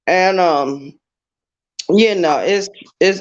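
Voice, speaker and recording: A woman speaking slowly and deliberately as a call-in guest, blunt and emphatic, going over her points more than once. Her voice comes through an online call with dull, muffled lo-fi audio. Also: fairly low pitch. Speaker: guest caller. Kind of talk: casual drama commentary. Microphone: online call through a browser.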